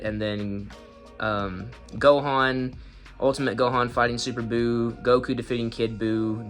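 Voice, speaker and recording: Guy reviewing an anime, chatty and rambling, slangy, bursts of high laughter, mid pitch, faint music behind. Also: a bit bright. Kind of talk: casual video review.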